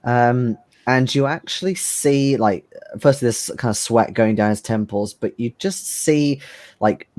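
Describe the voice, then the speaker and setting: A man's voice: fairly low pitch, a little mellow. A man running a tabletop horror game as game master, narrating in a hesitant way with many fillers.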